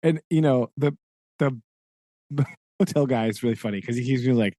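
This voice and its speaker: A man co-hosting a casual book discussion, animated, acting out the characters' lines as he retells scenes. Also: medium pitch, moderate pace, dry recording. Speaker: podcast co-host.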